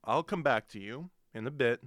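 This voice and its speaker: A man's voice: medium pitch, moderate pace, fairly bright tone, no room sound. A young man hosting a college radio show, rambling and interrupting himself with jokes, talking into a studio microphone. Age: young adult. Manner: rambling, self-interrupting, joking. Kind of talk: casual radio chat.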